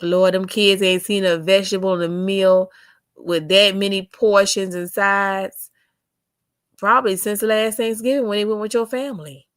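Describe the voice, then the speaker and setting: A woman's voice: mid-range voice, steady tone, moderate pace, dry recording, studio quality. A young adult woman hosting a casual livestream, reading chat comments aloud with sassy drawling asides.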